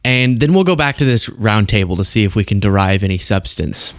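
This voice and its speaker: A man's voice: fairly low pitch, expressive, a little fast, no room sound. A man hosting a political commentary show, sarcastic and exasperated, often laughing.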